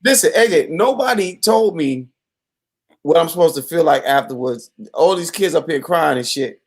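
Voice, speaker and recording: A man's voice: on the high side, lively intonation, normal speed. Laughing man telling a story. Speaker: poet guest. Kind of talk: casual conversation.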